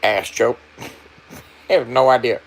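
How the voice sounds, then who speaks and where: A man's voice: medium pitch, fairly even intonation, takes it slowly, husky. A man livestreaming and talking loosely to his chat, swearing freely and laughing often. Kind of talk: casual livestream banter.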